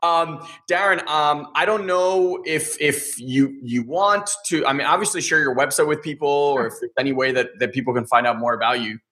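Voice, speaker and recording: A man hosting an interview, wrapping up with a halting, hesitant delivery. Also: a little high, pushed and bright. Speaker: interview host. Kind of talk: casual chat.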